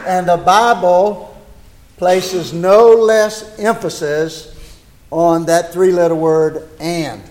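A man's voice: high voice, darkish tone. An older American man preaching a folksy sermon in a church, talking chattily into a microphone and asking rhetorical questions. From United States.

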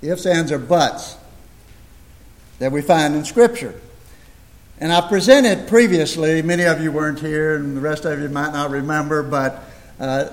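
An older American man preaching a folksy sermon in a church, talking chattily into a microphone and asking rhetorical questions. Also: on the high side. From United States.

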